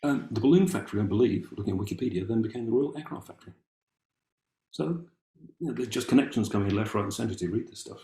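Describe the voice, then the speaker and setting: A man's voice: lowish voice, fast talker, dark tone, roomy sound. An Englishman giving a casual, musing talk, wry and full of ums and restarts as he reads from old documents. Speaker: amateur family historian presenting.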